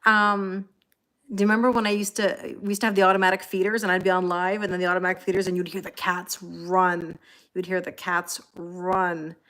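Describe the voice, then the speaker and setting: A woman's voice: lowish voice, flat delivery, brisk, a bit bright. A woman hosting a livestream, chatting casually with viewers and thanking them by name. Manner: talks to her cats between comments. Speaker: tarot reader hosting a livestream. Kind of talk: casual chat with live viewers.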